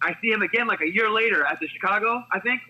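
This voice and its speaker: A man hosting a casual podcast, telling stories in an animated way, laughing and swearing casually. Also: high voice, rapid-fire, highs cut off. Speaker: podcast host.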